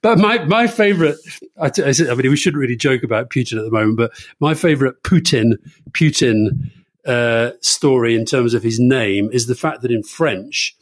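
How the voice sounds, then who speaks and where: A man's voice: medium pitch, fairly quick. A man co-hosting a political podcast, chatting casually in a teasing, mock-indignant way. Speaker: podcast co-host.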